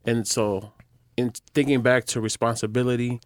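A man's voice: mid-range voice, little pitch movement, normal speed, no room sound. A man co-hosting a casual podcast, easygoing and slangy, asking thoughtful questions. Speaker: podcast co-host.

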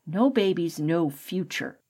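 A woman's voice: on the low side, animated, slow, a little mellow, husky, full character voice. A woman voicing an adult male rat, a protective father who lectures the others sternly.

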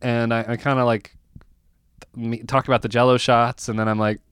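Smooth-voiced man telling rambling stories. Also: medium pitch, level tone, moderate pace, a bit bright, no room sound, clean studio sound. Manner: rambling, self-mocking, lots of restarts and laughs. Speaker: podcast co-host. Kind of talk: casual comedic storytelling.

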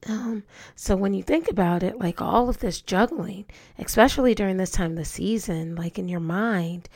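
A woman's voice: mid-range voice, normal speed, a little mellow. A woman hosting a solo podcast, talking earnestly and asking her listeners rhetorical questions, often repeating words as she goes. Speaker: podcast host. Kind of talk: reflective solo podcast talk.

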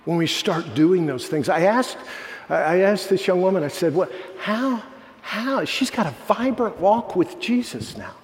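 A man preaching a sermon as pastor, telling stories earnestly and dropping his voice low when quoting others. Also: sing-song, moderate pace, long reverb tail.

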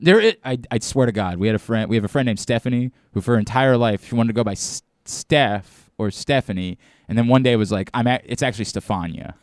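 A man's voice: mid-range voice, brisk, no room sound, clean studio sound. A man hosting a sports radio show, talking emphatically and often stumbling over and repeating his words. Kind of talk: casual sports talk.

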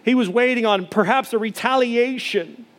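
A man's voice: very high voice, moderate pace. A man in his forties from Arkansas, preaching a sermon in a folksy, conversational storytelling way. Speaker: pastor.

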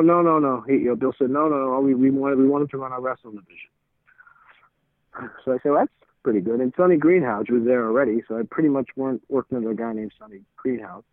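A middle-aged man with a fairly low voice tells stories as an interview guest, rambling, tripping over repeated words, and acting out old conversations. The recording is dry with no room sound but has a tinny, phone-like quality.

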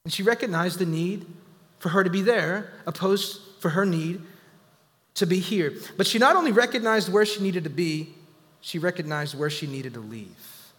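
A man's voice: high-pitched, normal speed, fairly bright tone. A man in his thirties preaching a sermon as a pastor, rising and dropping in volume and acting out the voices of people he quotes. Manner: preaching with sudden rises and drops in volume. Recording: long hall reverb.

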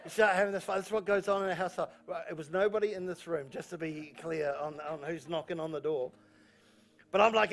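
A man's voice: high-pitched, fairly even intonation, fairly quick. A male pastor preaching a sermon in church, repeating key phrases with emphasis and telling jokey stories. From New Zealand. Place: church auditorium.

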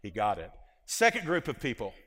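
A man preaching a sermon as pastor, swinging from shouted points to hushed asides and acting out the voices he quotes. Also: mid-range voice, huge pitch swings, brisk, in a large hall.

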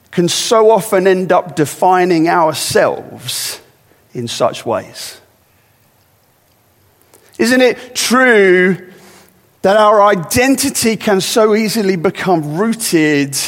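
High-pitched guy preaching in church, chatty then punchy repeats, long echo from the hall. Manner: conversational preaching with rising emphatic repetitions. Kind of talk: sermon.

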